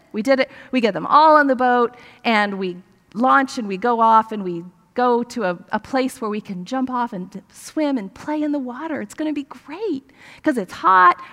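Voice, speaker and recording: An older woman, a grandmother, preaching a sermon through a family story, animated and acting out the dialogue. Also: on the high side, big-room sound.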